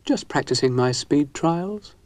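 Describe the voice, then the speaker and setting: A man's voice: fairly high pitch, lively intonation, a little slow, a little mellow, no echo, clean studio sound, pitched above the performer's own voice. A man voicing a boastful, giggling female toy train who talks down grandly.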